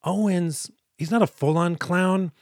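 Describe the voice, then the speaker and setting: A man's voice: high voice, measured pace, no echo, clean studio sound. A man co-hosting a movie podcast, chatting casually and rambling, breaking off mid-thought and quoting characters. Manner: rambling, self-interrupting, quotes characters in mock voices. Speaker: podcast co-host.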